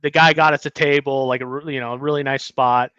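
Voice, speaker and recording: Speaking fast in a smooth, mid-range voice, an American man co-hosting a podcast animatedly recounts a story over casual talk and performs the quotes of those involved. The recording is dry and lo-fi.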